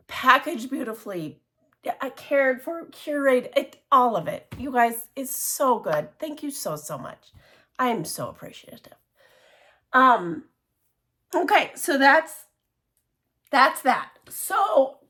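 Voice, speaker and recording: A woman in a casual craft vlog, talking slowly in a fairly high voice. She gushes with excitement, breaks off mid-sentence, restarts and laughs as she shows things off. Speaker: cross-stitch vlogger. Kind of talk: casual show-and-tell vlog.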